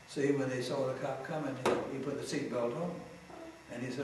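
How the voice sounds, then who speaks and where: Genial priest spinning jokes on TV. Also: male voice, mid-range voice, fairly even intonation, a little fast, a little mellow. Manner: genial, anecdotal storytelling. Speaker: Episcopal priest, guest. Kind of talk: telling jokes in a TV interview. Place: TV studio. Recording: roomy, distant mic, faint noise.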